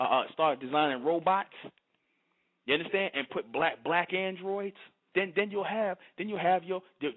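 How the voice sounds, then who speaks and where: A man giving a preachy, repetitive lecturing monologue, often stopping to ask if the listener understands. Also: fairly high pitch. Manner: preachy, repetitive, keeps asking "you understand?". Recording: tinny phone-like line.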